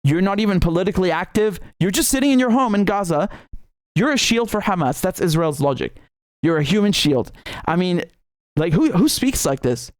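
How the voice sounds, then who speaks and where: A man's voice: high-pitched, lively intonation, fairly quick, no echo, clean studio sound. A man hosting his own show as a journalist, delivering an indignant, sarcastic political monologue with frequent stammered restarts. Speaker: independent journalist and show host. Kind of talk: impassioned political commentary monologue.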